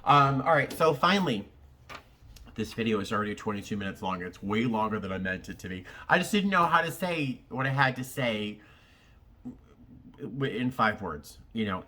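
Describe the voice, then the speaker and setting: Earnest halting man with a bright voice. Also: medium pitch. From Massachusetts. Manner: halting and rambling, full of ums and restarts, heartfelt. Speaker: vlogger. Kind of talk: casual direct-to-camera chat.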